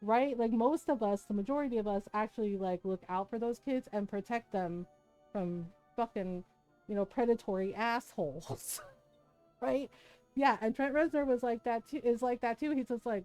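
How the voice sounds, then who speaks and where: A woman streamer chatting casually with her live viewers, animated and swearing often, with frequent laughter. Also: on the high side, moderate pace, faint music behind.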